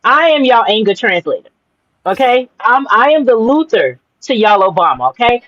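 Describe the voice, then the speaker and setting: A woman's voice: a little high, sing-song, normal speed, a bit bright, no echo. A woman co-hosting a podcast who talks in a blunt, emphatic way. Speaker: podcast co-host. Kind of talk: casual podcast talk. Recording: dull, dry sound.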